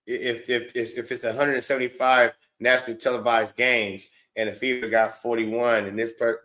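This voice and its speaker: A man's voice: medium pitch, a bit bright. A man hosting a reaction show, talking back at a video clip in a blunt, mocking, profane rant. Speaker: show host reacting to clips. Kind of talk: heated reaction commentary.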